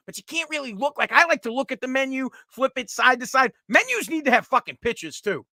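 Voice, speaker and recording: A middle-aged man, hosting a casual comedic rant that is profane and animated. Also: extremely high pitch, fast talker, few pauses, dry recording. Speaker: podcast host.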